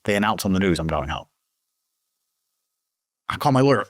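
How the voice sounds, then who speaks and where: A man telling a story in a monologue, animated and profane, acting out other people's lines. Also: low-pitched, normal speed, dry recording, clean studio sound. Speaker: public figure in a played clip.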